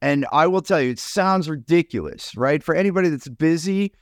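A man's voice: a little high, lively intonation, a little fast, dry recording, studio quality. A man co-hosting a podcast, chatting casually and acting out his own past remarks as he tells stories. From United States. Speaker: podcast co-host.

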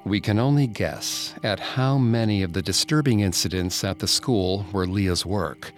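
A man narrating a ghost story in a scripted, dramatic way, dropping to a hush at tense moments. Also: on the low side, unhurried, faint music behind.

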